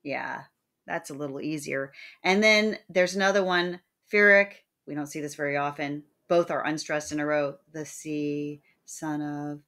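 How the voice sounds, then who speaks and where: A woman talks through a recorded lecture in a plain, explanatory way. She breaks into a sing-song rhythm whenever she reads a verse example aloud, then goes back to her steady teaching voice. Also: low-pitched, unhurried.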